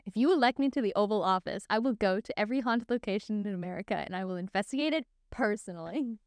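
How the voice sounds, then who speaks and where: A young adult woman co-hosting a podcast, reacting with quick playful jokes in casual chat. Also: mid-range voice, expressive, no echo. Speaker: podcast co-host.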